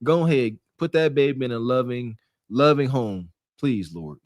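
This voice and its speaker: A man's voice: medium pitch, normal speed, no echo. A man co-hosting a podcast in casual commentary, lecturing and scolding with sighs and laughs. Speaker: podcast co-host.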